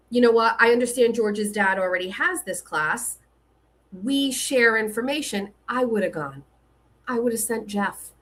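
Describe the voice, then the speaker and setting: A middle-aged woman hosting her own show, telling a story in a casual monologue and acting out both sides of a frustrating phone call. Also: fairly high pitch. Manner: animated, reenacts phone calls, rising frustration. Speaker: show host.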